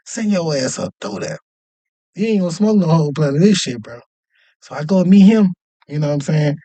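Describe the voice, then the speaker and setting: A man telling a story in a casual, animated and profane way, often checking in with "you know what I mean". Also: on the high side, brisk, no echo. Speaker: podcast host telling a story.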